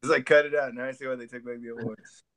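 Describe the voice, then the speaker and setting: A man with a gravelly edge to his voice chats over a video call, joking and rambling. He mutters asides to himself as he talks, and his pitch sits in a typical middle range. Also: steady tone, fast talker, a bit bright, dry recording. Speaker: guest artist. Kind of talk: casual chat during a video call.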